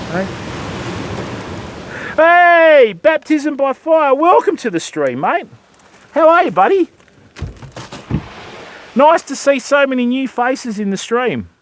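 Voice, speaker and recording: High-voiced older Australian fishing host. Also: male voice, fairly bright tone. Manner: chatty, greets viewers by name, calls them mate and bud. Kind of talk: casual live-stream chat while fishing. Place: beach by the surf, outdoors.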